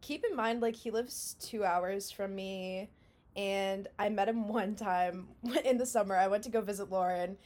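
A woman's voice: medium pitch, steady tone, measured pace, darkish tone. A young woman from Canada co-hosting a casual podcast. She talks in a chatty, self-mocking way and often laughs at herself. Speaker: podcast co-host. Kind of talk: casual chat.

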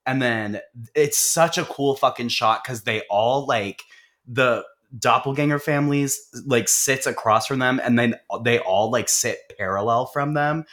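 A man's voice: medium pitch, unhurried. A man co-hosting a podcast, recapping a movie in casual, profane chat with frequent laughs. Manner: profane, laughing, animated storytelling. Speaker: podcast co-host.

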